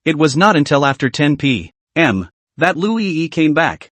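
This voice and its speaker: A man narrating a comic story recap in a lively, animated reading. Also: on the high side, moderate pace, dry recording.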